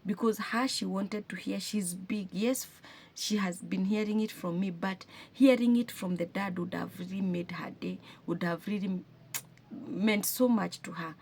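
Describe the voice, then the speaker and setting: A woman's voice: mid-range voice, steady tone, moderate pace, darkish tone, husky. A Kenyan woman vlogging as a single mother, retelling a hard family day in an earnest, emotional way and often restarting her sentences. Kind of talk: personal storytelling to camera.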